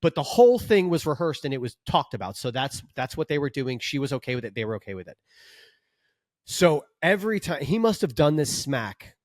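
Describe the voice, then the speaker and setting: A man co-hosting a podcast about stunt work, telling set stories in a casual, animated way, acting out what people said and swearing freely. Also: medium pitch, brisk, no room sound, clean studio sound. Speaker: podcast co-host, stunt performer. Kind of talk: casual storytelling chat.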